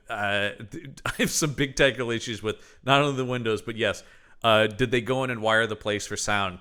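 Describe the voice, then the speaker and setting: A man's voice: on the low side, sharp tone, smooth. A man co-hosting a podcast, chatting casually and jokingly, swearing freely as he rants. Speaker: podcast co-host.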